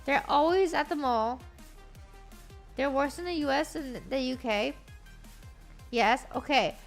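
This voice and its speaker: Woman streamer, high voice, excitable and chatty, faint music behind. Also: a little slow, gravelly. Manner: excitable, chatty, talks to chat. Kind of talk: live-stream chat.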